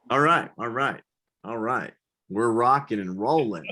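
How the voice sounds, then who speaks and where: Bright-voiced Southern-born male comic. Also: medium pitch. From American South. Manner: crowd work with drawn-out impressions, profane. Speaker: stand-up comedian. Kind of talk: stand-up comedy set. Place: comedy venue with a live audience.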